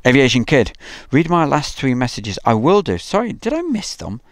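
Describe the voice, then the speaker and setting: A man hosting an outdoor live stream by an airfield, chatting casually and reading out viewer comments, joking and pausing with frequent ums. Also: medium pitch, wildly swooping pitch, no echo. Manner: chatty, jokey, halting with many ums.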